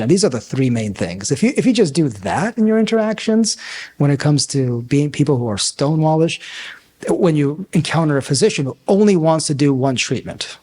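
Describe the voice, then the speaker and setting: A man, a physician and coach, giving a talk at a summit, telling stories and acting out the people in them with big pitch swings. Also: sing-song, fairly quick, darkish tone, breathy edge. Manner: storytelling, acts out dialogue with big pitch swings. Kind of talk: conference talk with anecdotes.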